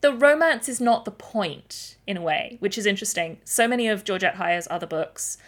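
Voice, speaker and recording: A woman's voice: medium pitch, animated, normal speed. A woman co-hosting a casual book discussion, explaining the plot enthusiastically and laughing now and then. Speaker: podcast co-host.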